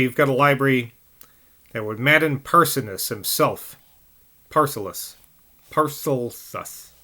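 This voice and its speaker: A man's voice: mid-range voice, bright, forceful tone. A man voicing an intense, humorless scholarly man who talks emphatically, in a novel reading. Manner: emphatic, breaks into eager outbursts.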